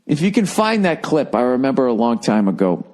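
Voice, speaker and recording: A man rants into the mic in a loose, profane ramble, sarcastic and offhand, at a middling pitch. It sounds like a casual solo podcast segment. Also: very animated, a little fast, darkish tone. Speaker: podcast host. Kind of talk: casual comedic rant.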